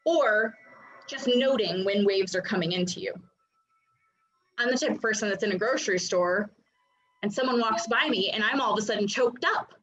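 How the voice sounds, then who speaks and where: A woman in her thirties coaching a live online class, chatty and animated, with many fillers. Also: medium pitch, normal speed, pauses often. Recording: dull lo-fi sound.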